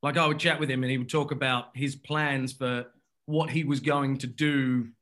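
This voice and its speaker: A man of medium pitch speaks with a flat delivery and a fairly bright tone. He's a guest swapping casual anecdotes, meandering through his story with many restarts and quick laughs.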